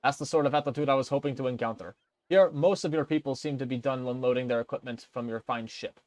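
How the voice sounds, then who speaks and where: A man voicing a friendly, portly male quartermaster in a rough attempt at an Italian accent, jovial and teasing. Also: medium pitch, fast talker, darkish tone, no echo, natural voice. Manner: jovial, teasing, a little smug.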